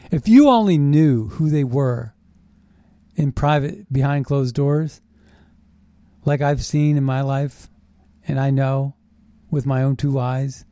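A man hosting a show, delivering a fast, indignant and sarcastic political monologue. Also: fairly high pitch, no room sound, studio quality. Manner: animated, indignant, sarcastic ranting. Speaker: political commentary host.

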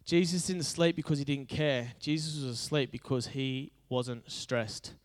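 A man's voice: mid-range voice, a little slow. A male pastor preaching a conversational, humorous sermon that builds into emphatic repetition.

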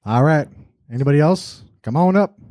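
A man's voice: on the high side, lively intonation, moderate pace, mellow, no echo, studio quality. Upbeat man emceeing a meetup. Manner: upbeat, calling people up to speak. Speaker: meeting host.

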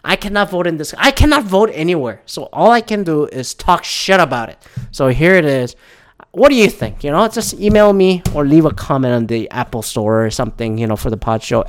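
A man's voice: fairly high pitch, lively intonation, normal speed. A man from Canada hosting his own podcast, rambling through movie opinions in a casual, profane, wry way. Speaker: podcast host.

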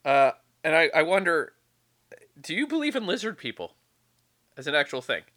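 A laid-back man co-hosting a casual podcast chat, his voice swinging up and down in a lively way. He talks haltingly, stumbling over repeated words and restarting his sentences as he thinks. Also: fairly high pitch. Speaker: podcast co-host.

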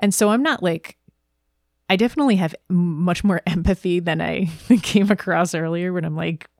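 A woman's voice: lowish voice, normal speed, dry recording, studio quality. A woman in her thirties co-hosting a podcast, talking frankly and emphatically in casual chat, sometimes swearing. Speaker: podcast co-host.

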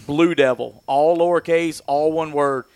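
Man, local sports caller, gravelly and smooth, folksy rambling talk, dry close sound. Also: fairly high pitch, fairly even intonation, a little slow, darkish tone, dry recording. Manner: folksy, rambling, laughs easily. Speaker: sports broadcaster. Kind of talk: casual radio talk.

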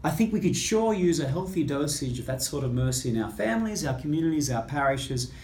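A man, a Catholic priest, telling a personal story in a lively way and acting out the lines of the people in it. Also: on the high side, fairly quick. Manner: lively storyteller who acts out quoted dialogue. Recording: roomy echo with faint ambience.

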